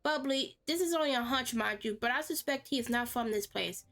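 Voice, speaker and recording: Brisk, prim female officer, read by a woman, a touch high, formal. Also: a bit bright, soft background music. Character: prim, proud young female army officer.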